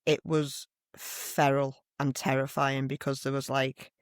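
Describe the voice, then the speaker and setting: A middle-aged woman, co-hosting a podcast and telling stories in a blunt, animated way with plenty of swearing. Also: very deep voice, unhurried, smooth, no echo, clean studio sound. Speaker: podcast co-host. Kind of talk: casual chat. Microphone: desk microphone.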